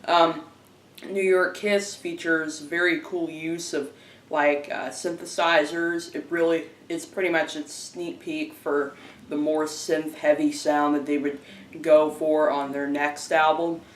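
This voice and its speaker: A man giving a casual spoken album review, halting often with fillers and restarting his phrases. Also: on the high side, level tone, a little hiss or hum. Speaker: music reviewer. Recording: roomy, distant from the mic.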